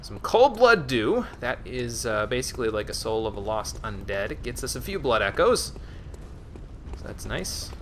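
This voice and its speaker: While live-streaming a game, a man casually comments on his own play, muttering to himself, chatting, and reading viewer chat aloud. His mid-range voice is sing-song at normal speed, with a bit of hiss or hum in the audio.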